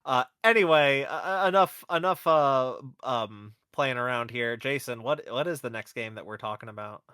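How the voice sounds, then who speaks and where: A man's voice: mid-range voice, normal speed, bright, forceful tone, smooth, dry recording, studio quality. A man hosting a casual podcast chat, rambling and correcting himself as he goes. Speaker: podcast host.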